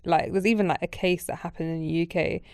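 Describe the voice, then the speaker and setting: A woman's voice: lowish voice, fairly even intonation, fast talker, creaky, no echo, studio quality. A woman hosting a podcast, asking reflective questions in a casual interview. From United Kingdom. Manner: thoughtful, reflective questioning with fillers. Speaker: podcast host.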